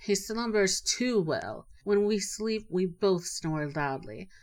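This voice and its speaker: A woman voicing the gruff old witch wife of a giant in a storybook reading. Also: medium pitch, big pitch swings, takes it slowly. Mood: homely.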